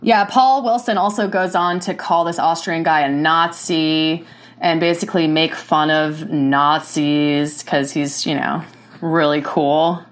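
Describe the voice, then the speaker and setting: A woman's voice: sits low, fairly even intonation, a little slow. A young adult woman hosting a talk show, talking in a sarcastic, mocking way and rambling with lots of fillers. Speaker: show host. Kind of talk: casual podcast monologue.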